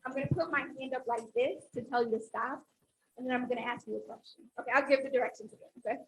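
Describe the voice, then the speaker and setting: High, gravelly-voiced woman academic on a panel. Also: fast, a little hiss or hum, rough recording. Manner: animated, instructive, audience-engaging. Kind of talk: panel talk leading an audience exercise.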